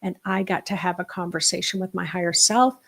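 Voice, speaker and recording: A middle-aged woman leading a live online spiritual workshop, talking in an animated, emphatic way that swings between quick bursts and slow, hushed asides. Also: fairly low pitch, slightly rough.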